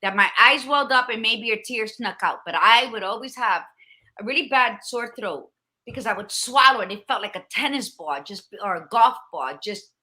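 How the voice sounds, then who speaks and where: A woman's voice: a little high, lively intonation, normal speed, bright, forceful tone. A woman in her fifties co-hosting a podcast, talking in a blunt, profane and emphatic way in candid casual chat. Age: 50s. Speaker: podcast co-host.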